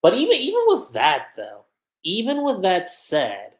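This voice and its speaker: A woman's voice: medium pitch, wildly swooping pitch, unhurried. A woman giving a casual, slangy livestream review that recaps an anime episode, with plenty of "like"s. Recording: roomy echo.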